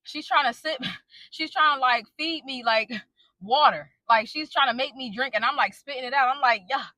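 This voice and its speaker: Bright-voiced young woman telling a story. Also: high-pitched, normal speed, no room sound. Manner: animated, dramatic retelling with asides to viewers. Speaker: storytime vlogger. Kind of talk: casual storytelling.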